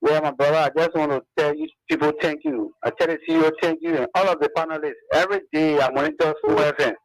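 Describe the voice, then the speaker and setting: A man's voice: a little high, very animated, quick pace, gravelly, no room sound, low-quality recording. A man calling in to thank a radio show. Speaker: radio caller.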